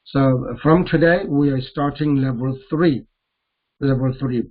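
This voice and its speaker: Slow, patient male teacher. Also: mid-range voice. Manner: patient, repetitive explaining. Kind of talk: grammar lesson. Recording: tinny phone-like audio.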